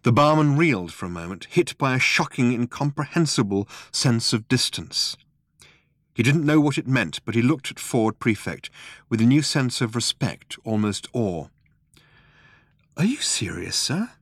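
Male audiobook narrator, wry comic delivery, very animated intonation. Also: mid-range voice, moderate pace, no room sound, clean studio sound. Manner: wry, expressive storytelling.

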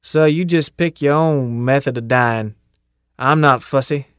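A man voicing a big, boastful young male recruit with a folksy, slow drawl in an audiobook. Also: mid-range voice, a bit bright, smooth, no room sound, studio quality, lightly acted.

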